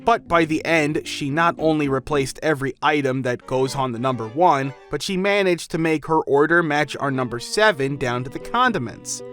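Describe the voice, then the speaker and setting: Man narrating stories over soft music. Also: medium pitch. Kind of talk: reading customer stories aloud. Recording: faint music behind.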